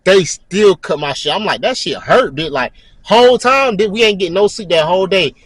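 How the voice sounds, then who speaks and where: A young man with a high-pitched voice tells a casual story a little fast, swearing a lot and using slang. He animatedly acts out the voices of the people involved and yells mid-story; the audio is poor but has no echo.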